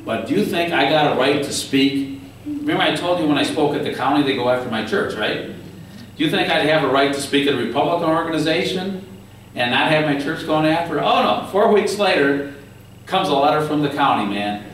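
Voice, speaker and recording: This man's voice is a little high and a little fast as he tells animated stories to an audience at a political forum, impersonating officials while quoting them. He's far from the mic in a very echoey room, with a little hiss or hum.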